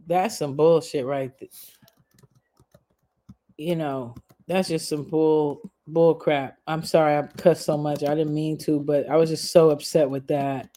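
A woman's voice: deep voice, fairly even intonation, measured pace, mellow. A woman hosting a casual gossip vlog, talking bluntly and cursing freely to her viewers. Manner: blunt, heavy cursing, chatty asides. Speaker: gossip vlogger. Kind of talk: casual profane commentary.

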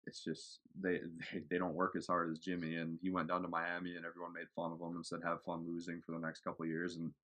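A man hosts a sports podcast with his friends in easygoing chat. His voice sits very low. He rambles, restarts and fills pauses as he goes. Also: monotone, a bit bright. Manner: laid-back, rambling, frequent fillers. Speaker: podcast host.

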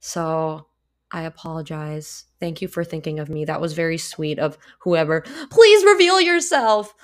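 A woman's voice: low-pitched, monotone, normal speed, a little mellow. A young woman hosting a casual solo podcast, rambling and apologetic, full of restarts and fillers. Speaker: podcast host.

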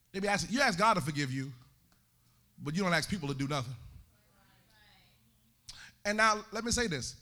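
A male pastor preaching a sermon in a church, swinging into sung and shouted climaxes. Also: sits high.

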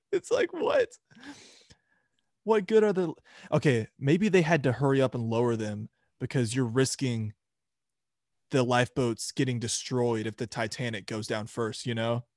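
A young man co-hosting a podcast, chatting casually, joking and jumping up in pitch when he exclaims. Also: dry recording, clean studio sound. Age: young adult. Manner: animated, joking, voice jumps high when exclaiming. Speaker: podcast co-host.

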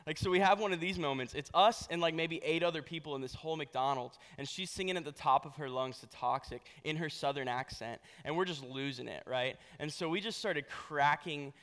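Man, young adult, pastor, casual storytelling sermon, smooth clear voice, big reverberant hall. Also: on the high side, fairly quick, hardly any pauses, a bit bright. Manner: conversational, asks "right?" often.

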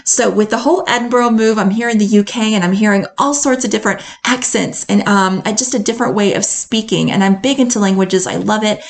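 A woman's voice: medium pitch, brisk, gravelly, few pauses. An American woman from North Carolina, a confidence coach hosting a solo podcast, talking in an upbeat, enthusiastic way and laughing often. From North Carolina, USA.

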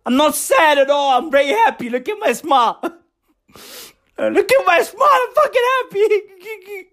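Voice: high-pitched, animated, moderate pace, fairly bright tone, pitched above the performer's own voice. A woman putting on a manic, teary male politician who swears and insists he is fine while laughing through it. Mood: manic denial. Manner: profane, manic ranting with forced laughter.

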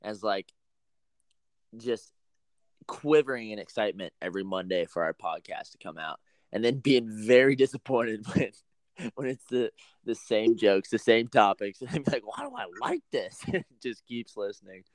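A man's voice: lowish voice, normal speed, no room sound. A man co-hosting a casual comedy podcast, teasing his co-host, giggling and calling people dude and bro.

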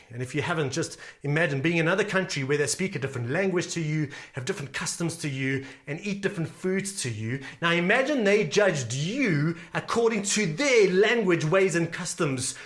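A man's voice: on the high side, fairly bright tone. A male pastor preaching a sermon earnestly, repeating key phrases for emphasis.

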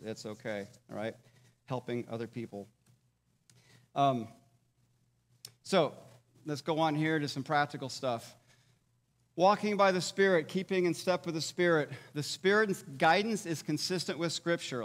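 A man giving a conversational sermon as a pastor, often checking in with his listeners. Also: medium pitch. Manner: conversational, checks in with "all right?" and "okay?". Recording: long hall reverb.

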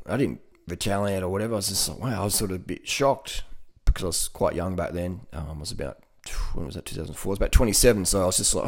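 A man's voice: fairly low pitch, expressive, quick pace, a little mellow. A man with an Australian accent talking casually and motivationally, often repeating words and laughing. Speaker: vegan cycling advocate.

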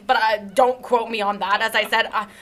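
A woman's voice: a little high, fairly even intonation, brisk, a bit bright. Giggly young Canadian woman reading aloud. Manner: giggly, breaks into laughter while reading. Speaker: reader of a fan story. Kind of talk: casual dramatic reading with commentary.

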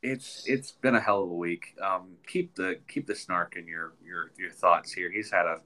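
A man's voice: low-pitched, normal speed, bright, forceful tone. A man co-hosting a podcast in casual chat, congested and nasal from a sinus infection, rambling with many ums and restarts. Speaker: podcast co-host.

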